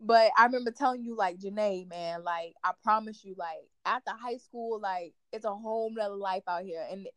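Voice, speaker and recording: A young adult woman hosting a casual chat, telling stories in an animated way with plenty of "like". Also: mid-range voice, moderate pace, hardly any pauses, no room sound. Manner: animated storyteller, fills talk with "like". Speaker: podcast host.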